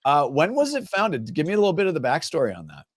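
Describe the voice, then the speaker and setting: A man's voice: a little high, huge pitch swings, quick pace, no room sound. A man with a Minnesota accent hosting a podcast interview, chatty and joking, laughing at his own stories. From Minnesota, USA. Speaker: podcast host. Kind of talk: casual interview chat.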